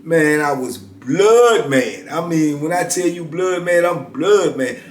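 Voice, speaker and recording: A middle-aged man spins a story in loose, colloquial talk, now and then slipping into the voices of the people in it. His voice sits a touch high for a man. The sound carries a roomy echo. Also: slow. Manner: animated, colloquial, acts out others' lines. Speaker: former prisoner telling his story. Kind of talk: casual storytelling.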